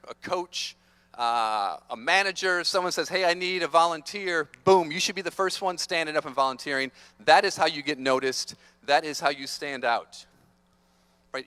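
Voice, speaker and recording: Playful, energetic male motivational speaker. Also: fairly high pitch. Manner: energetic, playful, teases the audience. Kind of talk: motivational talk to students. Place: large conference hall.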